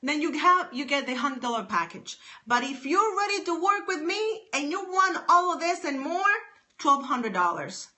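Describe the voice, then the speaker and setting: A woman's voice: sits high, very animated, normal speed, bright, forceful tone. A woman business coach giving an emphatic, exuberant motivational talk on a live stream from her home office. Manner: emphatic, exuberant, repetitive exhortations.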